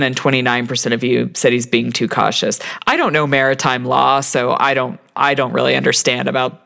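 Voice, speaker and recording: A woman's voice: extremely low pitch, steady tone, brisk, vocal fry, few pauses, a bit bright. A woman co-hosting a podcast in casual chat, frank and talkative, with lots of "like". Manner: chatty, frank, uses "like" a lot. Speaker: podcast co-host.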